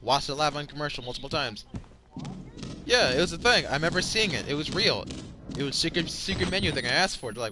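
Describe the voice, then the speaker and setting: A man hosting a podcast, telling a story in casual, animated talk, swearing a lot and repeating himself. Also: medium pitch, a little fast, background noise. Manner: animated, profane storytelling with frequent repetitions. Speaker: podcast host. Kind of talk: casual chat.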